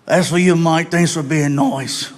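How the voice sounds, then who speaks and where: A man voicing a friendly, drunk Australian knife maker with a raspy, slurred voice and an Australian accent. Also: a little high, fairly even intonation, a little slow, close to an everyday voice.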